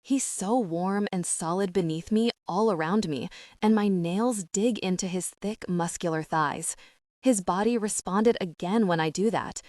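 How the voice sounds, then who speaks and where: A woman narrating a first-person romance audiobook in a soft, intimate way. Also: medium pitch, a little slow, dry recording, clean studio sound.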